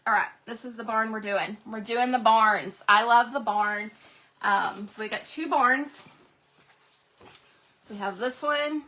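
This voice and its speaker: Woman, craft livestream host, slightly high and bright voice, bubbly and chatty with her viewers. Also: measured pace, pauses often. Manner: bubbly, gushing, chatty, talks to viewers in the chat. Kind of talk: casual craft livestream chat.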